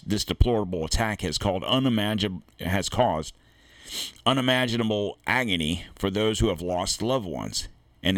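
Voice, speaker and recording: A man's voice: deep voice, fairly bright tone, dry recording. An American man hosting a political podcast, reading an article aloud and then breaking into blunt, profane asides. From United States. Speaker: podcast host. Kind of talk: opinionated commentary reading an article.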